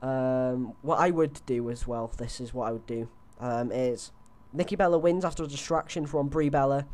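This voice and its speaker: A man's voice: medium pitch, moderate pace, darkish tone. A young man on a headset, chatting loosely through his predictions with lots of fillers and restarts. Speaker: host. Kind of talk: casual wrestling predictions chat.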